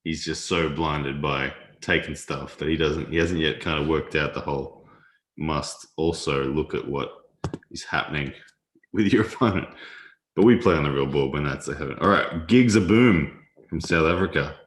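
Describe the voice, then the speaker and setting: A man's voice: rumbling low, moderate pace. A man hosting a casual live stream, chatting loosely while he plays chess, laughing often and reading viewer comments aloud. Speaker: livestream host. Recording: roomy echo.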